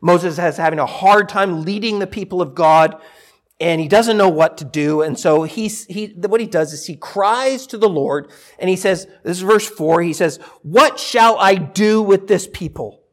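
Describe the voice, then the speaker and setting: A man's voice: sits high, normal speed. A middle-aged male pastor preaching a sermon, emphatic and repetitive in his delivery. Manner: emphatic, repeats himself, animated delivery.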